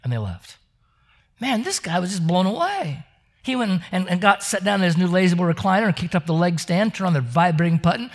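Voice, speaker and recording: A man preaching a sermon, telling stories with frequent stammering restarts and acting out the characters' voices. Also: high voice. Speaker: pastor. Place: church service.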